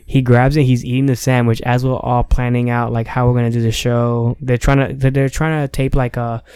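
A man's voice: medium pitch, flat delivery, brisk, a little mellow, clear, resonant tone. A young man, a stand-up comic, telling a rambling story in casual chat and acting out the people he quotes. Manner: loose, rambling storyteller who acts out quotes.

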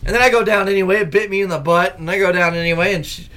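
Give me a lively male podcast host, slightly high-voiced, chatting casually and laughing as he tells stories. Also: rapid-fire. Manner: animated storyteller who laughs often. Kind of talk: casual chat.

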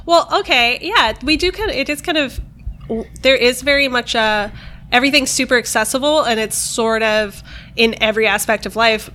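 A woman co-hosting a casual podcast chat, talkative and quick to laugh, often trailing off and restarting. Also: a little high, bright, forceful tone. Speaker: podcast co-host.

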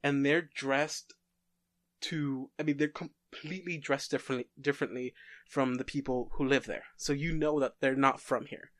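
Halting man telling a story. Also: mid-range voice, a bit bright, no room sound, clean studio sound. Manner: halting, many fillers and restarts. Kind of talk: casual story pitch.

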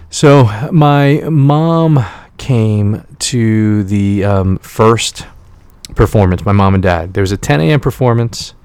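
A man's voice: fairly low pitch, darkish tone, smooth, dry recording. A man in his forties casually telling a personal story, candid and self-critical, acting out the exchanges he quotes.

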